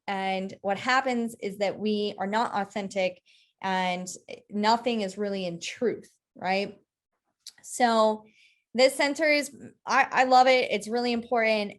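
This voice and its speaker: A woman's voice: mid-range voice, measured pace. A woman co-hosting a casual discussion, explaining human design concepts and often checking in with "right?". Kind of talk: casual teaching chat.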